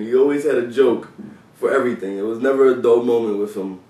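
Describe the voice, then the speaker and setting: A man's voice: mid-range voice, fast, dark tone, distant mic. A man who is a former police officer tells stories in a casual, loose vlog style. He swears freely and fills his talk with "you know" and "like.". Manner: loose and profane, with many fillers. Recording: roomy sound from away from the mic.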